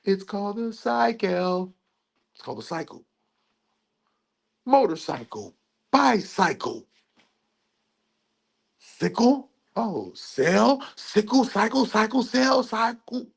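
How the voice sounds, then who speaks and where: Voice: medium pitch, sing-song, slow, gravelly, long pauses, slightly rough. A spiritual video host in a rambling monologue, asking and answering their own questions with playful wordplay and repeating phrases in a sing-song rhythm.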